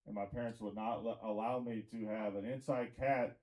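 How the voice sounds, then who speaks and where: A man's voice: lowish voice, steady tone, moderate pace, darkish tone, low-quality recording. A man from Tennessee doing a rambling stand-up comedy set in a comedy club, with crowd work and lots of fillers.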